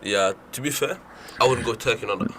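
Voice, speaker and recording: A young man co-hosting a radio talk show, joking fast and stumbling over his words. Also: mid-range voice, bright, forceful tone. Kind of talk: casual banter.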